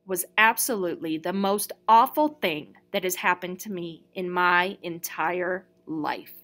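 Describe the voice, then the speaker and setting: A woman's voice: medium pitch, lively intonation, normal speed, fairly bright tone. A woman voicing a cheeky, sulky young male thief who yelps and protests in outrage. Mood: earnest.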